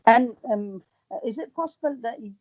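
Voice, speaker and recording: A woman's voice: a little high, moderate pace, darkish tone, slightly rough, no echo, muffled recording. Hesitant woman asking questions in class. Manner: hesitant, with many fillers. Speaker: student.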